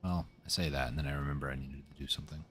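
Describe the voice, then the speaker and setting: A man's voice: extremely low pitch, steady tone, rapid-fire, fairly bright tone, a little hiss or hum. A man hosting a co-op gameplay session, chatting casually in a laid-back, teasing way. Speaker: let's play host.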